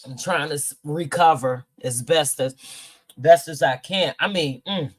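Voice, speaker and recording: A deep-voiced, middle-aged woman talks a little slowly as she hosts a casual podcast livestream and reads viewer comments. Her tone is candid and emotional; she swears freely and seems close to tears.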